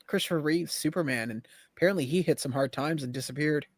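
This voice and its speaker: A man's voice: fairly high pitch, quick pace, dry recording. A man co-hosting a casual livestream chat, joking and laughing a lot as he tells stories. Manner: jokey, laughs often, puts on funny voices in anecdotes. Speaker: livestream co-host.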